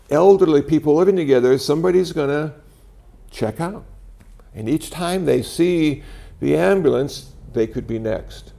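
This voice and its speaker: A man's voice: on the high side, vocal fry. A man in his sixties gives a conversational talk to a live audience, telling stories with wry humor. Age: 60s. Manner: animated storytelling with wry humor. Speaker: speaker giving a talk. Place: talk venue before an audience.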